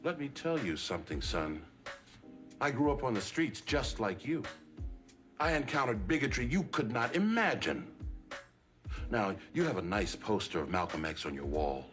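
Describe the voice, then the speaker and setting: A stern deep-voiced uncle. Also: male voice, sing-song, moderate pace, a bit bright, faint music behind. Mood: stern lecture. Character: stern imposing father figure, uncle lecturing nephew. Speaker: actor in a sitcom scene.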